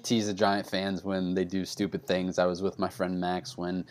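Man, from New York, fairly low voice, animated casual sports chat, podcast co-host. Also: normal speed. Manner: animated, pitch jumps up when arguing.

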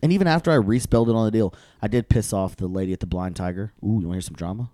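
A man's voice: fairly low pitch, very fast, mellow, dry recording. A young man, a comedian co-hosting a podcast, telling a rambling, crude story in casual banter.

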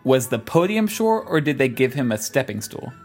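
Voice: mid-range voice, big pitch swings, normal speed, a little mellow, faint music behind. A podcast co-host in casual chat, asking playful questions and teasing the others.

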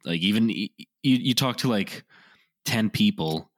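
A man's voice: lowish voice, moderate pace, no echo, clean studio sound. A man co-hosting a podcast in casual chat, talking in a laid-back way with lots of "like"s. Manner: relaxed, many fillers like "like". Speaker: podcast co-host.

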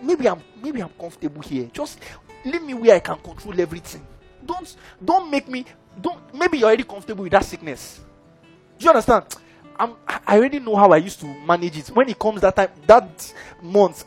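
A man's voice: high-pitched, animated, fast talker, faint music behind. A man preaching a sermon, who keeps checking in with his audience. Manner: engaging, keeps asking the audience "are we together, guys?".

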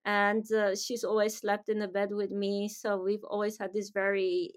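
A woman's voice: mid-range voice, monotone, moderate pace. A middle-aged woman speaking as a podcast guest, hesitant and full of fillers and agreeing murmurs. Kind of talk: casual conversation.

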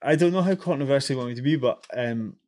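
Male guest, young, loose chatty storyteller, mid pitch. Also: fast, a little mellow. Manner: chatty storyteller with many fillers and restarts. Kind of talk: casual podcast chat.

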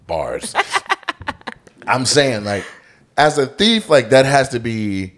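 A man co-hosting a podcast, chatting casually and telling stories in an animated, joking, profane way. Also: mid-range voice, takes it slowly. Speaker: podcast co-host.

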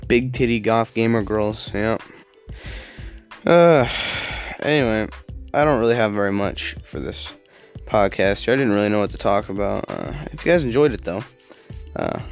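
A young man hosting a casual podcast, talking offhandedly and rambling, with lots of fillers and slang like "dude" and "man". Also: on the low side. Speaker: podcast host.

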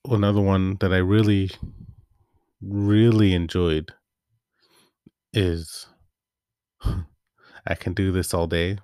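A man's voice: low voice, vocal fry, darkish tone, dry recording, clean studio sound. A man hosting a solo podcast, talking in a loose, rambling, offhand way. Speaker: podcast host. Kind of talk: casual solo monologue.

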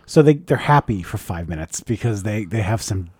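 A man's voice: lowish voice, normal speed, husky, no room sound, clean studio sound. A man chatting casually as a co-host, telling stories in a joking, profane way. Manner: lively, joking storytelling with swearing and laughs. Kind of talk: casual chat.

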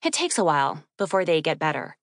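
A woman's voice: deep voice, very animated, fast talker, no echo, studio quality. A woman voicing a flustered, teary young woman graduate student who stammers and makes fun of herself. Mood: sheepish. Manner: stammering, self-deprecating. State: crying.

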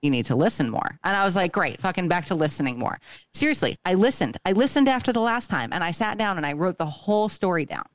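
A woman's voice: on the low side, animated, fast, no echo. A woman co-hosting a podcast, telling a long story in a casual, profane way and acting out each line of dialogue. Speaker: podcast co-host.

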